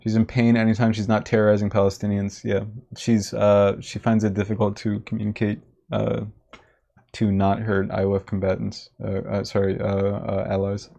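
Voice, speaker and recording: A man's voice: fairly low pitch, completely flat delivery, moderate pace, creaky, mellow. A man commentating on a livestream in a sarcastic, mocking way, reading chat comments aloud. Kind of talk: casual reaction commentary.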